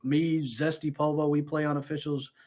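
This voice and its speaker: A man co-hosting a gaming podcast, chatting casually at a home microphone, joking and rambling through quick asides. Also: a little high, little pitch movement, darkish tone. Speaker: podcast co-host. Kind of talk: casual chat.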